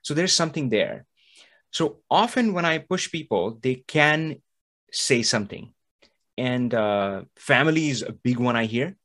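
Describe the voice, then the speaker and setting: A podcast host with a medium-pitched voice and a measured pace delivers a motivational monologue. He's animated and acts out the voices of the people he quotes, recorded audio-only on a studio mic.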